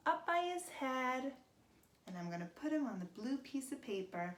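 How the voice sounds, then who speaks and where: Higher-pitched lady doing a kids craft, gentle singsong, slow and patient, echoey room with a little hiss. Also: big pitch swings. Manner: gentle, slow and sing-song, talking to young children. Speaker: preschool craft teacher. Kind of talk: children's craft demonstration.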